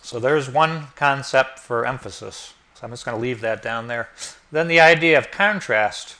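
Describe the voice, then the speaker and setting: A man walks through a design software tutorial in a relaxed, explanatory way, narrating each click as he goes. His voice is bright and forward, sitting at a middle pitch. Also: moderate pace. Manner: relaxed, explanatory, thinking aloud with fillers. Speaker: instructor. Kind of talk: screen-recorded software tutorial.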